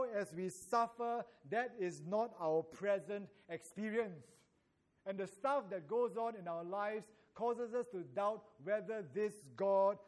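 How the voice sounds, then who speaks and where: A man preaching a sermon, reading scripture with measured, emphatic delivery and dramatic rises. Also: sits high.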